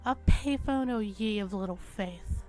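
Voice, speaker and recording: A woman voicing a smug, teasing male fae with a smooth, cultured voice, reading game dialogue aloud. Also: mid-range voice, darkish tone, faint music behind, close to an everyday voice. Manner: teasing, drawn-out and amused.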